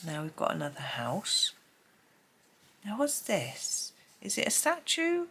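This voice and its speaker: A woman's voice: medium pitch, wildly swooping pitch, slow pace, a bit bright, slight background noise. A woman, sleepy and just woken up, chatting casually and musing aloud as she flips through pages, with light laughs. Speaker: host. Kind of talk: casual flip-through chat.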